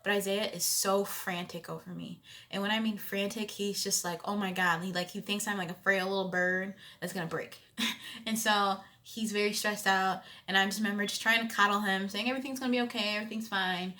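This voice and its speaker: A young woman with a bright, forward tone tells a personal story straight to her viewers. She talks in an animated, conversational way, often checking in with "you know what I'm saying," and now and then jumps into loud emphatic bursts. Her pitch sits right in the middle for a woman. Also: normal speed. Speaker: vlogger. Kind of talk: storytime vlog.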